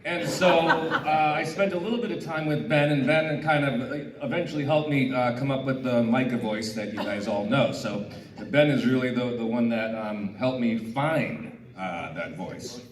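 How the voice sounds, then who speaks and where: A man telling a halting story as a voice actor on a panel. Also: mid-range voice. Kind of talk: casual storytelling on stage. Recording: echoey hall, distant mic, loud crowd.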